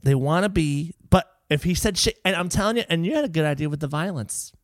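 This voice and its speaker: Playful man with a lively voice. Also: on the high side, dry recording, studio quality. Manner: playful, drawn-out setups, laughing. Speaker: podcast co-host. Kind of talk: casual comedic music podcast chat.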